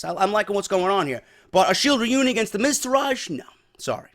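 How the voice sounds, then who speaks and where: High-voiced man ranting about wrestling. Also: big pitch swings, fast talker, a bit bright. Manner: profane, opinionated, emphatic. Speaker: wrestling commentator. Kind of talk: casual wrestling recap rant.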